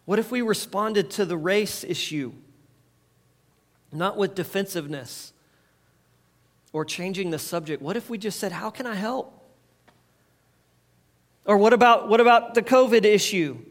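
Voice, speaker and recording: A man with a high voice gives a relaxed, conversational sermon. He speaks like a pastor talking with his congregation and has them repeat short phrases back to him. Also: normal speed, pauses often. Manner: conversational preaching, leads the audience in call-and-response.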